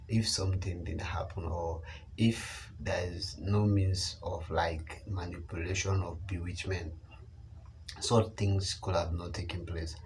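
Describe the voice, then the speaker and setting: A man's voice: low-pitched, a little hiss or hum, low-quality recording. A man commenting on a news story, emphatic and repeating phrases for stress. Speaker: online channel commentator.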